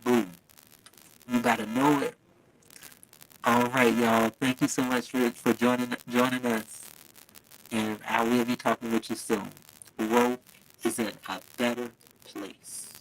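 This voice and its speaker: This man's mid-range voice is flat and unhurried, with long pauses, and the audio is poor. He hosts a laid-back live stream, speaking directly to viewers through a phone mic that's too close initially, and comes across as chatty and affectionate, laughing often.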